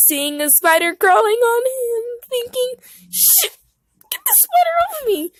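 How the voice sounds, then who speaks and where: A young woman casually reading out a fan story, with giggly, lively asides. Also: medium pitch, no room sound.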